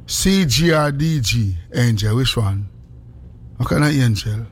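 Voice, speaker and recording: Chatty radio host. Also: male voice, mid-range voice, expressive, unhurried, breathy edge. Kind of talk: casual radio talk.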